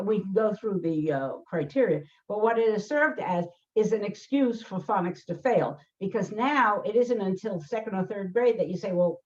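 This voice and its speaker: A woman's voice: mid-range voice, a little mellow. An older woman, a learning specialist hosting a conversation, explaining emphatically with many fillers and restarts. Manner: emphatic, acts out quoted voices, frequent fillers and restarts. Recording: dull lo-fi sound.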